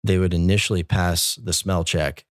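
The speaker is a Catholic military chaplain recounting his story conversationally, wandering along with many fillers and false starts. He has a low, steady voice at normal speed. It's a dry recording with clean studio sound.

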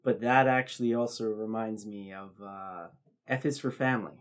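A man's voice: lowish voice, moderate pace. A man co-hosting a podcast, retelling scenes in casual chat and acting out the characters' lines. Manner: storytelling with acted-out quotes. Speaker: podcast co-host.

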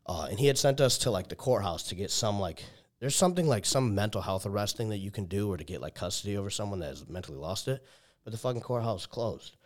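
A man's voice: lowish voice, lively intonation, fast. A young man telling a long personal story in casual chat, loaded with "like" and swearing, often acting out what people said. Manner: heavy filler "like", swears, restarts, quoted dialogue.

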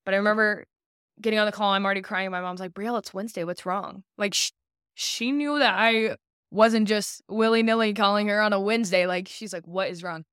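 A woman's voice: mid-range voice, steady tone, brisk, a bit bright, smooth, no echo, studio quality. A young woman in her twenties, a podcast guest, telling a personal story in earnest and acting out the people she quotes. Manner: earnest, acts out quoted dialogue.

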